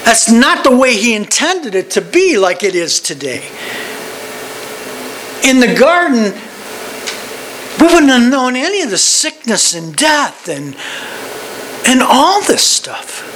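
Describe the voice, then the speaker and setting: A man's voice: extremely high pitch, very animated, takes it slowly, pauses often, a bit bright, a little hiss or hum. A man teaching a Bible study in a conversational way. He is digressive and often restarts and repeats words.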